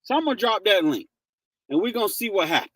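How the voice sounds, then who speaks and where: A man's voice: high-pitched, sing-song, quick pace, a bit bright, breathy edge, no echo. A man hosting a casual livestream, greeting viewers by name and laughing often. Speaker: livestream host.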